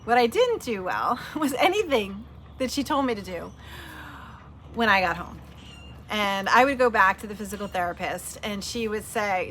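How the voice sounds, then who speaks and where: A middle-aged woman vlogger chatting casually and warmly about her weight loss, telling stories with lots of fillers and acted-out quotes. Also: medium pitch, animated, moderate pace, slight background noise. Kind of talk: casual heartfelt chat.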